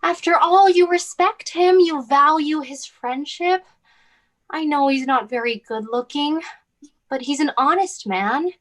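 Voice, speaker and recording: A woman playing a soothing elder sister, slow and high. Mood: tender advice. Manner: soft, soothing and motherly. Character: gentle, caring older sister who consoles her sibling. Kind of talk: stage drama acting.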